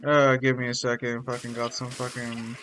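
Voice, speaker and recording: A young man streaming a video game, chatting excitably and swearing a lot. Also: medium pitch, normal speed, a little hiss or hum. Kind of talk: casual gaming stream chat.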